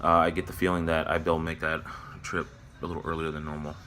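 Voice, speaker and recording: Low-voiced guy doing a somber vlog update at work, halting, lots of ums, kinda sharp tone. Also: level tone, slight background noise. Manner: halting, reflective, many fillers and restarts. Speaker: vlogger. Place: at his workplace near closing time.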